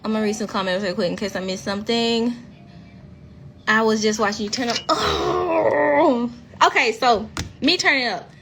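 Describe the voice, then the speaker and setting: A woman's voice: medium pitch, a little fast, noisy background. Frank Mississippi woman chatting live. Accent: Mississippi Southern US. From rural Mississippi, US. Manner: frank, chatty, swears freely. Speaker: reality TV cast member. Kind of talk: casual livestream chat.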